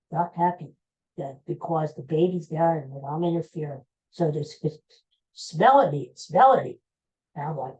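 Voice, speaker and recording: Male podcast host, casual rambling storyteller, warm mellow voice, muffled lo-fi sound. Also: on the high side. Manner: chatty, rambling, self-interrupting. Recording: dull lo-fi recording.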